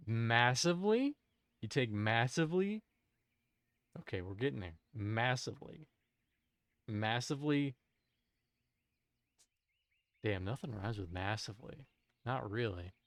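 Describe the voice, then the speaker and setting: A man's voice: medium pitch, big pitch swings, a little slow, pauses often, dry recording. A man streaming a game, chatting casually to his viewers, musing aloud in a rambling way and often cutting himself off mid-thought. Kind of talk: casual live-stream chat while gaming.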